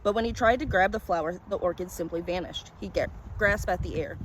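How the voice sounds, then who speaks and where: A woman narrating a first-person short story in a calm, descriptive reading manner. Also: on the low side, fairly quick, hardly any pauses, a little hiss or hum.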